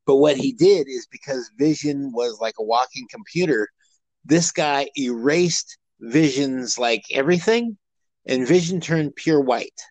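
A man talks casually as a podcast co-host, rambling and restarting his sentences, with plenty of fillers. His voice sits at an ordinary middle pitch. The sound is dry and close, with no room around it. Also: unhurried, darkish tone, no echo, low-quality recording. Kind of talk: casual chat.

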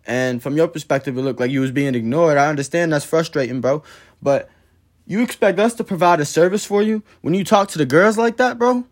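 Slightly high-voiced man venting on a podcast. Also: brisk. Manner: blunt, profane, heated retelling of a work dispute. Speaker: podcast host. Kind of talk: casual storytelling monologue.

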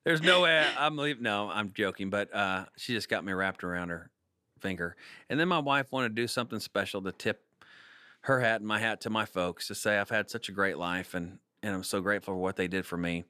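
A man in his thirties telling family stories in a casual interview, animated and full of jokes. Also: deep voice, brisk, clear, resonant tone, dry recording, studio quality. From Kansas, United States. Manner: animated, jokey storyteller. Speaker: singer-songwriter guest.

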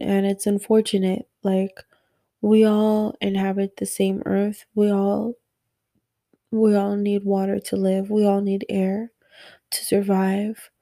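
A sleepy young woman musing softly and rambling in a late-night personal audio diary about being a mother. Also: medium pitch, gravelly, dry recording. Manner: slow, rambling, soft-spoken, yawning.

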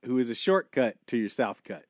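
A man co-hosting a comedy podcast, firing off quick puns and silly wordplay. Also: medium pitch, big pitch swings, no room sound, clean studio sound. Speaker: podcast co-host. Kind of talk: joking podcast banter.

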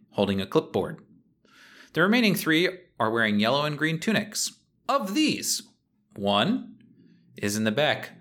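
A man's voice: mid-range voice, fairly bright tone. A man hosting a podcast as game master, describing scenes in a playful, detailed way. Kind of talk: narrating a tabletop game.

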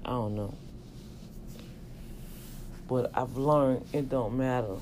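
This man's darkish, medium-pitched voice takes its time, with slight background noise behind it. Talking straight to his viewers, the vlogger and self-publisher gives a casual preachy rant to camera, emphatic and folksy, pushing them toward God.

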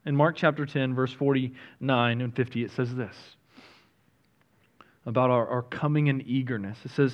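A man preaching a sermon as a pastor, talking in a conversational, self-deprecating way that moves between quiet and energetic stretches. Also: medium pitch, normal speed, dull audio.

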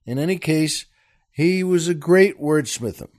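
An older man hosting a podcast, telling a long joke in a rambling, halting way with many restarts. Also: a little high, darkish tone. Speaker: podcast host.

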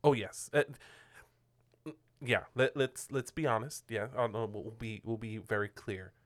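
A man's voice: lowish voice, a little slow. A man whose first language is Spanish, co-hosting a marriage podcast and talking earnestly with many restarts. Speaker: podcast co-host. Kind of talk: casual conversation.

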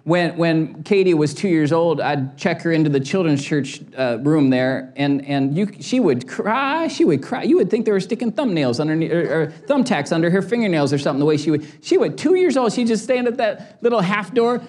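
A man's voice: fairly high pitch, very animated, brisk, hardly any pauses, darkish tone. A man in his forties, a pastor preaching a sermon with passion and humorous stories. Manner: impassioned, storytelling with humor.

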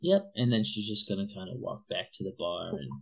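A man's voice: low voice, very animated, creaky, a crowd in the background, rough recording. Man running a tabletop game. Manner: halting, many restarts and fillers. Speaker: game master.

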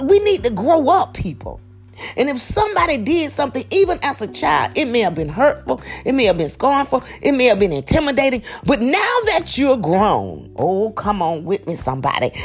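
Husky, animated woman preaching. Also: mid-range voice. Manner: preachy, emphatic, calls out to listeners. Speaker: motivational speaker. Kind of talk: motivational talk.

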